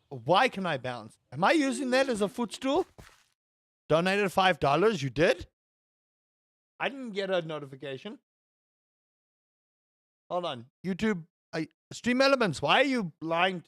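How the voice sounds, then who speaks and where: A man's voice: sits high, very animated, unhurried, pauses often, a bit bright, dry recording. A South African man chatting casually while live-streaming a game, ranting with playful exaggeration and greeting viewers.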